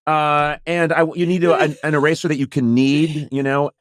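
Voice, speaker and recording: A man's voice: on the high side, little pitch movement, normal speed, dry recording. Middle-aged male podcast host, loose comic rambler, dry close-miked studio voice. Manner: rambling, self-mocking, jokey asides. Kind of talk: casual comedic chat. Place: Los Angeles podcast studio.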